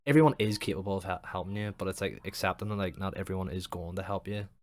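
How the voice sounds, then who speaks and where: Low-voiced sweary man. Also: fast talker, darkish tone. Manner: rambling, heavy swearing, lots of fillers. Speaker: podcast host. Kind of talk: casual chat.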